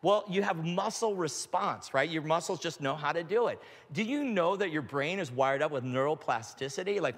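Male pastor, middle-aged, animated preacher with a high, lively voice in a reverberant hall. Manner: animated, acts out quotes with big pitch jumps, shouts. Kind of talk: animated sermon with storytelling.

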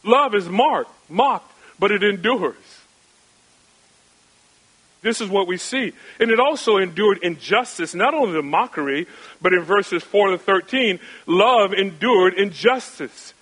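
Bright-voiced male preacher, rhetorical. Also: high voice, lively intonation, unhurried, husky, rough recording. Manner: rhetorical questions and emphatic repetition; swings between raised and hushed delivery. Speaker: pastor. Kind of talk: expository sermon.

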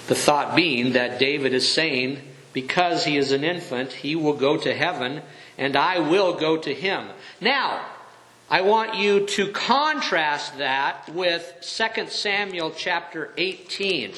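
A middle-aged man preaching a sermon, reading scripture aloud and explaining it slowly and earnestly. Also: a little high, sharp tone. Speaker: pastor. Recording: echoey room.

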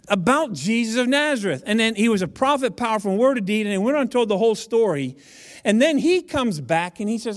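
High-voiced man preaching casually. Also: big pitch swings, fairly quick. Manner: chatty, humorous, addresses audience directly. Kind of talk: casual conversational sermon.

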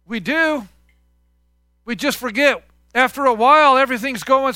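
A man delivers a sermon as pastor, his voice pitched high and ringing bright. He talks in a chatty, conversational way and asks the congregation questions for them to answer back. The sound is dry and close. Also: normal speed, long pauses, no echo. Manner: conversational, call-and-response with congregation.

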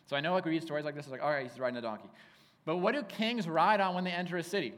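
Animated casual male pastor in a hall. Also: on the high side, very fast. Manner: casual, animated storytelling with frequent "like". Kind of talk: sermon. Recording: hall reverb.

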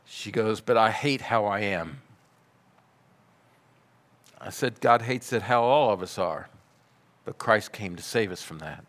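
A man preaching a sermon, telling a story in a measured way and dropping to soft, quiet passages. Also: on the low side. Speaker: pastor.

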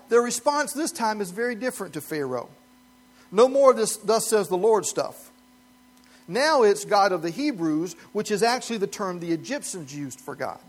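A man pastor delivering a sermon in an earnest, emphatic preaching manner, chuckling lightly now and then. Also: sits high.

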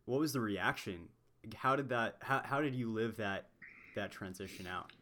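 A man with a lowish voice hosts a casual interview. He asks short, easygoing follow-up questions. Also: moderate pace, sharp tone.

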